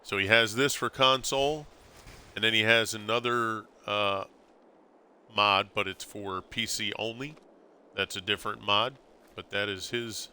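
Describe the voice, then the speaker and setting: A middle-aged man chatting casually on a gameplay stream, telling stories in a lively way. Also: on the low side, unhurried, clean tone. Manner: animated storyteller, acts out quotes with laughs.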